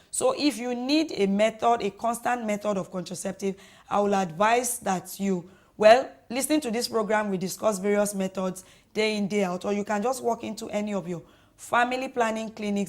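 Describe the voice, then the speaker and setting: A woman doctor with a Nigerian accent, calmly answering callers' questions on a radio call-in show. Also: mid-range voice. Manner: calm, measured, advising. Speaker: doctor, guest expert.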